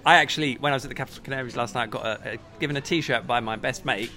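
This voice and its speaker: A man's voice: medium pitch, very fast, bright, forceful tone. A man hosting a live football fan show in a pub, chatting jokily and reading out viewers' questions. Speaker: host.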